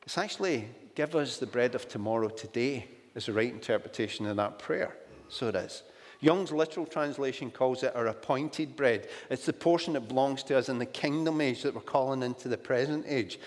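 A man's voice: mid-range voice, brisk. A Scottish man preaching a sermon in a storytelling way, often adding "do you know" asides. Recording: long hall reverb.

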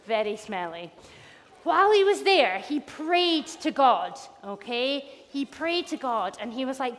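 A woman with a high, very lively voice leading an all-age church talk, bouncing between storytelling and quizzing the children. She sounds playful and animated, with a long reverb from the church hall around her.

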